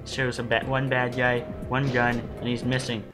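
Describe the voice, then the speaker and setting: A man co-hosting a let's play, chatting casually while gaming, rambling and halting with many restarts and fillers. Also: mid-range voice, little pitch movement. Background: game music.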